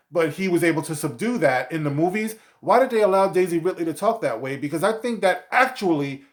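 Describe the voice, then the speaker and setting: A man giving a profane, sarcastic rant as a video commentator, with many fillers like "you know". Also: fairly high pitch. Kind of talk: ranting commentary vlog.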